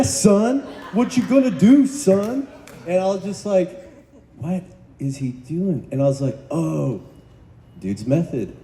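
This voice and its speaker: Panel guest, very dark tone, lively storyteller, roomy hall echo. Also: male voice, medium pitch. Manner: animated, acts out quoted voices, stammers restarts. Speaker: actor on a convention panel. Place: convention hall panel stage. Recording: echoey convention hall, faint noise.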